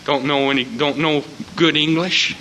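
Guy preaching, bright sharp voice, hushed then shouting, big echoey hall. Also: on the high side, steady tone, normal speed. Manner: swings from hushed tones to loud shouted quotes. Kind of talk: sermon. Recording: reverberant hall, faint room noise.

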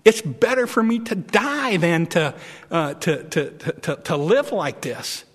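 A man's voice: a little high, animated, a little slow, breathy edge. A man acting out a whiny, self-pitying biblical prophet in a sermon, stammering his complaints. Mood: whining. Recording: long hall reverb.

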